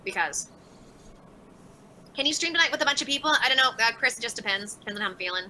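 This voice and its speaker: A woman's voice: on the high side, expressive, quick pace, pushed and bright, slight background noise, rough recording. A woman hosting a casual livestream, reading out viewer chats and answering them by name in a sarcastic, laughing way. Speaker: livestream host.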